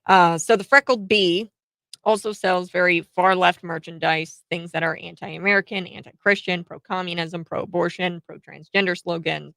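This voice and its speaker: A woman's voice: lowish voice, steady tone, normal speed, creaky, sharp tone, no room sound, low-quality recording. A woman hosting a commentary show, talking in a chatty, sarcastic way with many filler words and short laughs. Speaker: host. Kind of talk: political commentary.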